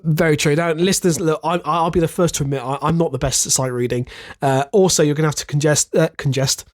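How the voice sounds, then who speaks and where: A podcast co-host, congested and nasal from a virus, speaks hesitantly in casual chat with many fillers and restarts. His voice is fairly high and fairly even in intonation, and he talks briskly.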